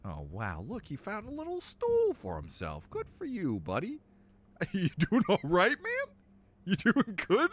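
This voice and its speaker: Animated, bright-voiced young man gaming. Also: high-pitched, unhurried. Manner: animated, joking, laughs often. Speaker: let's play streamer. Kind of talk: casual game commentary.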